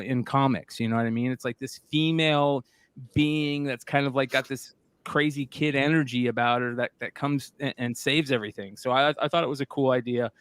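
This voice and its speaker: A man's voice: mid-range voice, dry recording. A man hosting a live stream, chatting casually and rambling with lots of fillers. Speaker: host. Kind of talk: casual chat.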